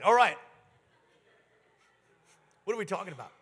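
High-ish voiced guy preaching, storytelling, gets loud and excited, big echoey hall. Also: normal speed. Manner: animated storytelling, rising to excited outbursts. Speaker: pastor. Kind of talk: sermon.

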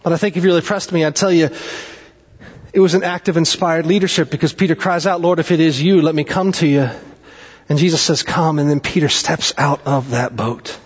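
A male pastor preaching a sermon, with dramatic swings in pitch and pace and chatty asides. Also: fairly even intonation, a little fast, breathy edge. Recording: dull sound with long hall reverb.

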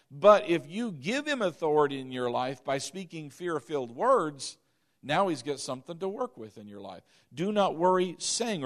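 A male pastor preaching a sermon in an emphatic, animated way, with sudden swings in loudness. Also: high-pitched.

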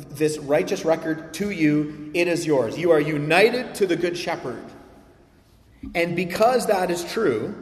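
A man preaching a sermon as pastor, animated, swinging from loud emphasis to quiet asides. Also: a little high. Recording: roomy hall reverb.

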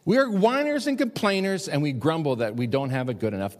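A man's voice: lively intonation, fairly quick, few pauses. A middle-aged man preaching a sermon in a church, emphatic and pressing his points. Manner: emphatic, rising high when pressing a point. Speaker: pastor. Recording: long hall reverb.

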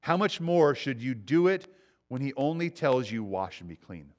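A man's voice: mid-range voice, big pitch swings, moderate pace. Man preaching a conversational sermon. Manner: conversational preaching, acts out quoted voices, repeats lines for emphasis. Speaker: pastor.

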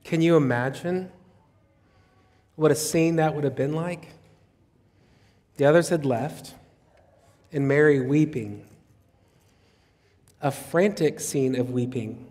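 A man's voice: fairly high pitch, slow, pauses often, darkish tone. A male pastor preaching a sermon in a conversational, reflective way. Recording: long reverb.

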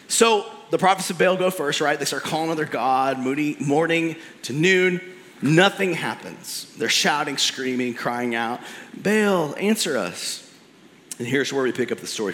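A man preaching a sermon as pastor, telling a story in an animated way with casual slang. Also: fairly high pitch, in a large hall.

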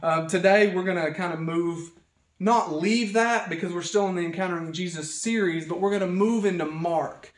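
A man's voice: sits high, moderate pace. A man as pastor giving a livestreamed sermon, earnest and building to emphatic repetition. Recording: echoey room.

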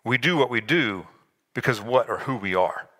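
A man's voice: medium pitch, animated, normal speed, bright, forceful tone. A man preaching a sermon, explaining scripture in a conversational way and slipping in self-deprecating asides. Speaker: pastor.

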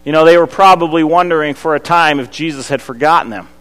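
A pastor, preaching a sermon that swings from loud to hushed. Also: male voice, fairly high pitch, quick pace. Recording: long hall reverb.

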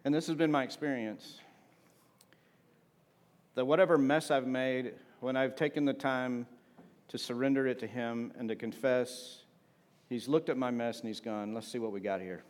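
A man's voice: mid-range voice, fairly even intonation, moderate pace, long pauses, darkish tone. A man preaching a sermon in a conversational, humorous way, often asking the congregation for an amen. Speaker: pastor.

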